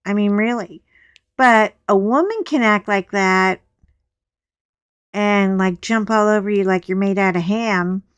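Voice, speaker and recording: A woman's voice: medium pitch, unhurried, smooth, no room sound. A woman, probably middle-aged, chatting casually and frankly while she colors, telling a gossipy story. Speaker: coloring channel host.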